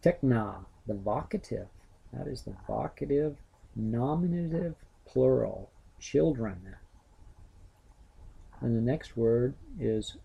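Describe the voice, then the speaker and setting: A middle-aged man teaching a grammar lesson, slowly and methodically parsing each word. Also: mid-range voice, vocal fry, warm tone, breathy edge, rough recording. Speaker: Greek teacher.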